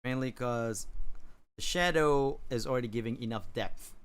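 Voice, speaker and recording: A man streaming while he draws, chatting casually and rambling, with hesitant pauses and chuckles. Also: medium pitch, clean tone. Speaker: livestreamer drawing on stream. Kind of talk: casual chat while drawing.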